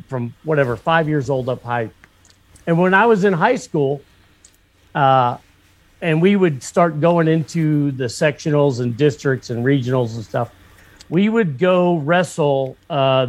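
Rambling, swearing man telling a story. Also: medium pitch. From northwestern Pennsylvania. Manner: rambling, profane, lots of fillers and restarts. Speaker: motorcycle shop owner. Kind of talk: casual storytelling in a podcast chat.

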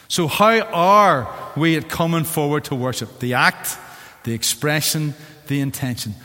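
Man, Northern Irish accent, pastor, animated sermon, slightly raised pitch, long church reverb. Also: normal speed. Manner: animated preaching, theatrical film quotes. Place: church sanctuary.

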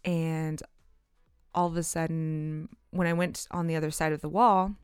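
A woman's voice: sits low, little pitch movement, a little slow, clear, resonant tone, no echo, studio quality, soft background music. A woman hosting a podcast, telling a personal story in a chatty, casual way, full of "like" fillers and small laughs. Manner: chatty, frequent "like" fillers, laughs mid-sentence. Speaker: podcast host.

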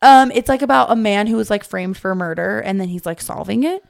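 A young woman guest on a podcast, talking easily and at length in a casual, chatty way. Her sentences wander and are peppered with "like" as she tells her stories. Her pitch sits in an ordinary middle range. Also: brisk, gravelly. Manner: chatty, many "like" fillers. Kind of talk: casual chat.

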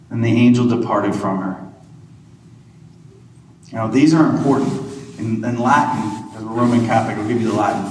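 A Catholic priest giving a homily in a conversational preaching style, asking rhetorical questions. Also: male voice, on the low side, normal speed, pauses often, darkish tone, slight background noise. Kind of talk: sermon. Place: large church. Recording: echoey church hall, mic far off.

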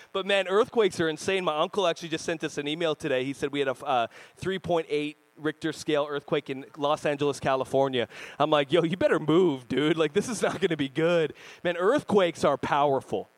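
A male pastor in his thirties preaching with lively, joking energy. He slips into playful put-on voices to tell stories. His voice sits fairly high for a man. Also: brisk, poor audio. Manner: animated, jokey, acts out voices and screams. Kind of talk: sermon.

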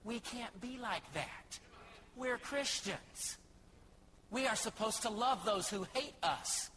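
A man's voice: high voice, lively intonation, slow, sharp tone, a little hiss or hum, poor audio. A man from Texas, a missionary preacher, giving a dramatic sermon and acting out the people in the Bible story. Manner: dramatic, acts out biblical speakers.

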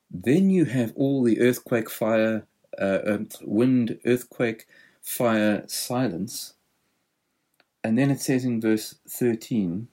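A man's voice: mid-range voice, slow, dark tone. A man preaching a sermon, explaining a scripture passage in a thoughtful, explanatory way.

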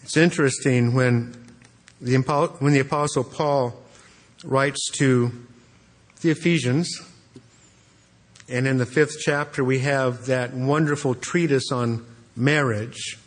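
Earnest pastor preaching in a reverberant hall. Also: male voice, medium pitch, fairly even intonation, slow pace, pauses often. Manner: earnest, repeats words when restarting. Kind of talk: expository sermon.

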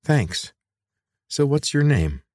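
A man voicing a sharp-tongued teenage girl inventor in a read-aloud story, blunt and sarcastic. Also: medium pitch, sing-song, slow, no room sound, studio quality, pitched above the performer's own voice. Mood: guarded, bitter.

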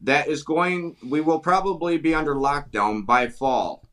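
A talk-show guest from Wisconsin with an Upper Midwest accent speaks fervently and emphatically, repeating himself and frequently restarting phrases. His voice is fairly high and fairly bright, and his pace is unhurried.

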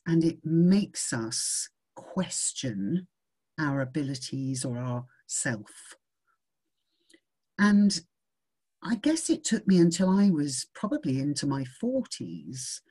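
A woman in her fifties giving a gentle, reassuring motivational talk in a measured way. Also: low voice, slightly rough. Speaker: speaker on self-confidence.

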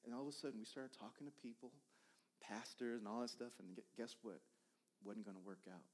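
A male preacher in his thirties telling a personal testimony from the pulpit. He talks in a loose, conversational way, repeating words and restarting sentences, and swings between loud, animated bursts and quiet, hushed asides. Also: medium pitch, brisk.

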